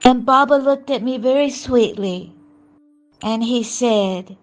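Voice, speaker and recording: An older woman telling a personal spiritual story in a gentle, earnest way. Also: on the high side, slow, faint music behind. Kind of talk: reflective personal testimony.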